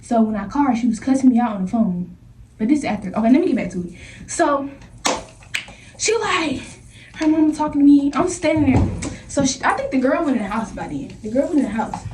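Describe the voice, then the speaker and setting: A young woman in a casual storytime vlog, animated and slangy, acting out the scenes as she talks. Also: sits high, a little fast, background noise. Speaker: vlogger. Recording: echoey room, voice from a distance.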